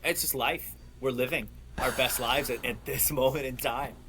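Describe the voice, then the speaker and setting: A man guesting on a podcast, telling stories in an animated, excitable way and laughing often. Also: mid-range voice, normal speed, background noise. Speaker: podcast guest, clothing brand owner. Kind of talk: casual storytelling chat.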